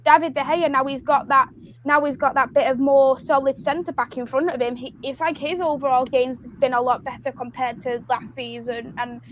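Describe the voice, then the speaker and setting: A woman co-hosting a casual football chat, recounting things with excitement. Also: high-pitched, normal speed, a little hiss or hum, low-quality recording. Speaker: podcast co-host.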